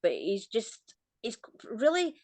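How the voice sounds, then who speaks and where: A Scottish woman giving a gentle, reassuring psychic reading over a call, often smiling as she talks. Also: on the high side, big pitch swings, slow, dry recording. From Scotland. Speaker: psychic reader.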